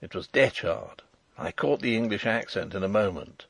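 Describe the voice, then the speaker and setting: Gravelly man narrating an audiobook. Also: lowish voice, expressive, a bit bright, no room sound. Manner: measured, dramatic storytelling. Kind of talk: first-person audiobook narration.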